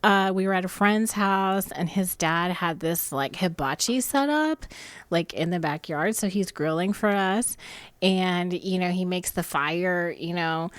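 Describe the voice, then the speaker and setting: A woman who works as a librarian, co-hosting a casual podcast chat with a teasing, animated manner. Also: fairly low pitch, smooth, dry recording. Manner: animated, teasing, quick to laugh.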